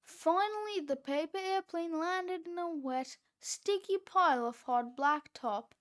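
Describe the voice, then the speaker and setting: A woman reading a children's book aloud, with expressive, deliberate narration. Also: extremely high pitch. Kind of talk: read-aloud storybook narration.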